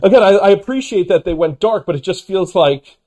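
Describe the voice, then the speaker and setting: A man's voice: high-pitched, fairly quick. A man co-hosting a casual film review chat, joking and acting out quotes. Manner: animated, jokey, acts out quotes. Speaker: podcast co-host.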